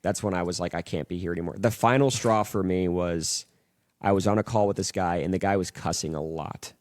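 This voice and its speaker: Dry-sounding man telling lively stories. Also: low voice, brisk, no room sound. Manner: animated storyteller who acts out both sides of phone calls; swears freely. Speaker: podcast host. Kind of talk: casual chat.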